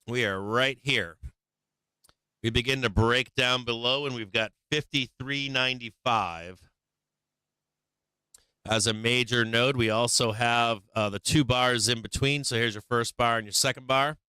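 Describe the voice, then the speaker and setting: A man's voice: mid-range voice, measured pace, bright, forceful tone, clear, resonant tone, no echo. A man hosting a stock market live stream, talking through charts live with blunt, swearing remarks and many restarts, a bit worn in the voice as he loses it. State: losing his voice.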